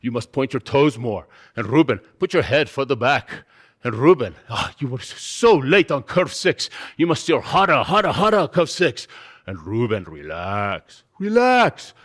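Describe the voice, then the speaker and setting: A man's voice: mid-range voice, very animated, unhurried, fairly bright tone. A man putting on the voice of a towering, demanding luge coach with an Austrian accent, giving clipped commands. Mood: stern coaching. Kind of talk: keynote storytelling.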